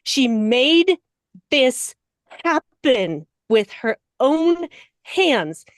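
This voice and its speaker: Woman podcast guest, slow and emotional, laughs a lot, dry close mic. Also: no room sound. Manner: emotional, laughs often, voice rising high when excited. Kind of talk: casual podcast discussion.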